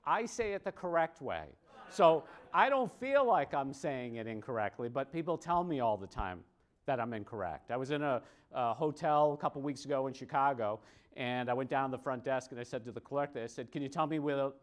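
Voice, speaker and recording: A man with a Boston accent giving a joking conference presentation, wry and self-mocking, often tagging his points with a quick check-in. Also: mid-range voice. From Boston, USA. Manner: wry, self-mocking, tags lines with "okay?".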